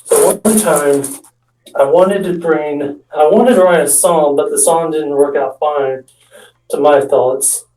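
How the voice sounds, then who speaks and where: A man's voice: fairly high pitch, takes it slowly, dark tone, a little hiss or hum. A man telling a rambling comic story about his friends, with restarts and acting out what others said. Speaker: amateur stand-up storyteller. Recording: echoey room, mic far off.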